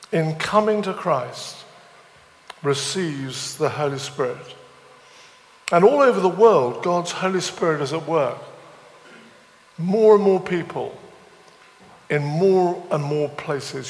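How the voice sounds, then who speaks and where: A visiting preacher with a bright, high-leaning voice delivers a sermon in a large room at a church weekend away venue, where the sound is big. He blends scripture with humorous stories and self-deprecating asides.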